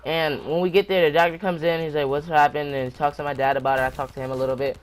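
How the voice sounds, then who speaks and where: A man's voice: a little high, level tone, very fast, a little hiss or hum. A man hosting his own channel, telling a personal story time tale in a rambling, breathless way, often restarting his sentences. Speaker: channel host.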